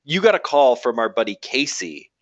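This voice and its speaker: Animated laughing man telling a story. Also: medium pitch, moderate pace, dry recording, muffled recording. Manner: animated, laughing retelling with acted quotes. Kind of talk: casual storytelling chat.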